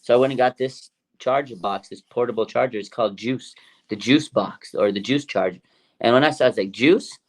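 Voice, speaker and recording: A man hosting a fan livestream, talking casually in an excited, rambling way with many fillers and restarts. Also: medium pitch, fairly quick. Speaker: fan show host.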